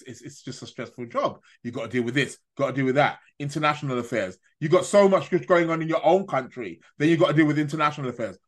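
Guy rambling on a live stream, bit high voiced, stammers and laughs a lot. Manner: rambling, stammers and restarts, laughs at own jokes. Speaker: astrology live-stream host. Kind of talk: casual live-stream chat.

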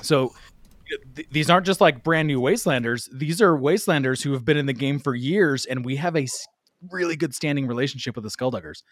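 A man's voice: mid-range voice, fairly quick, dry recording, studio quality. Man telling a rowdy story. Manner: animated, laughs often. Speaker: guest storyteller. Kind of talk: casual storytelling.

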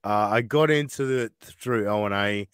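A man from Australia with an Australian accent, a podcast guest in a casual chat, telling stories quickly and animatedly from his back shed. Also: lowish voice, fairly bright tone, clean tone, no echo, studio quality.

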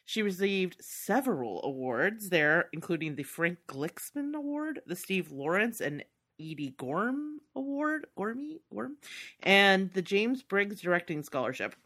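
Bright, lively woman podcast co-host. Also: mid-range voice, measured pace. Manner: chatty, laughs often, upbeat. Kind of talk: casual chat.

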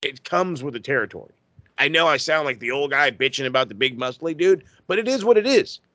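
Male podcast host, mid-pitched, dry close sound; swears heavily, rants with real heat. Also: animated, a little fast, pushed and bright, no echo. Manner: profane, fired-up ranting. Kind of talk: casual wrestling podcast rant.

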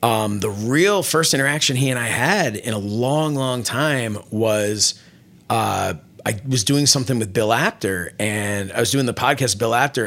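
Gravelly, bright-voiced man telling stories. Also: medium pitch. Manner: rambling, many restarts and fillers, animated retelling. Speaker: wrestling interviewer and programming director. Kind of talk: casual interview storytelling.

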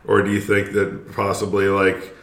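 A man co-hosting a podcast in casual chat. He thinks out loud in a wry, hesitant way, full of likes and trailing thoughts. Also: deep voice, completely flat delivery, moderate pace. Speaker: podcast co-host.

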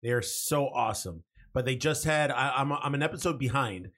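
A man's voice: medium pitch, lively intonation, brisk, a bit bright. A young man co-hosting a podcast, chatting enthusiastically, stumbling over words and swearing. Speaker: podcast co-host. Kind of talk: casual chat.

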